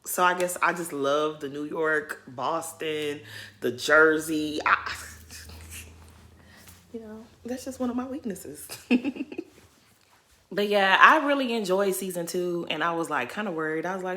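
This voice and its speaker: A Southern American woman in her thirties chats to her channel in a relaxed, gossipy way. Her voice sits a touch low but sounds bright and forward. She keeps nudging her points home with a quick "okay?". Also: a little hiss or hum. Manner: chatty, tags lines with "okay?". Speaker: YouTuber. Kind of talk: casual chat.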